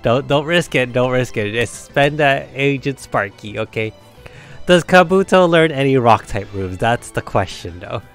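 A man's voice: mid-range voice, animated, unhurried, soft background music. Chatty man narrating his gameplay. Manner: chatty, laughs often, talks to himself. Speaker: game streamer. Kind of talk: let's play commentary.

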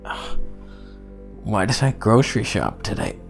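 A man's voice: on the low side, animated, moderate pace, darkish tone, faint music behind. A man vlogging in a casual, rambling, self-mocking way while in back pain. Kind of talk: casual vlog monologue.

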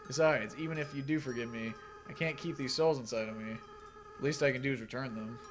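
A man's voice: medium pitch, noisy background, close to an everyday voice. Asriel, a man reading as a tearful monster boy. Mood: sad. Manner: soft, earnest, halting reading of game dialogue. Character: remorseful young goat-monster boy, tearful.

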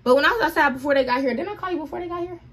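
A young woman with a somewhat high voice recounts a story for her viewers in a relaxed vlog, speaking very fast. She's lively and theatrical as she retells it, repeatedly addressing her audience.

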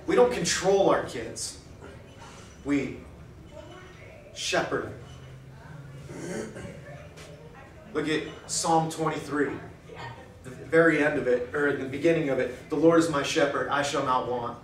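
A man speaking at a men's breakfast in a cafe, preaching in an animated way and acting out quoted thoughts in a hushed voice. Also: on the high side, takes it slowly, pauses often, a little hiss or hum. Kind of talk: preaching talk. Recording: echoey room, mic far off.

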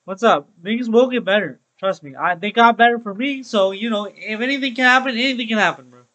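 Young male streamer, high voice, bright tone, upbeat repetitive chat with viewers. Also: brisk, poor audio. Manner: chatty and upbeat, repeats phrases, calls viewers bro. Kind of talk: casual Let's Play commentary to live chat.

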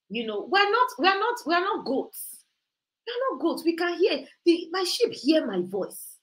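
A woman's voice: high voice, sing-song, measured pace, fairly bright tone, poor audio. Host: a fervent woman giving a faith talk on a video call, emphatic. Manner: impassioned and preachy, rising to emphatic peaks. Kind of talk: faith-based motivational talk.

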